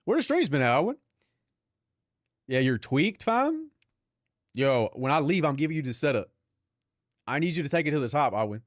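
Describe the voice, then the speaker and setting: A man's voice: fairly high pitch, very animated, moderate pace, pauses often, no room sound, studio quality. A young Filipino man, a live streamer, chatting casually and profanely with his viewers, laughing often. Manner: loose, profane, laughing banter with chat.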